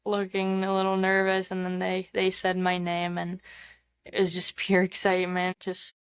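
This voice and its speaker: A woman's voice: on the low side, monotone, normal speed, clean tone. A young woman, a hockey player talking earnestly as an interview guest, at times searching for words. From Czech Republic. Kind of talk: casual interview.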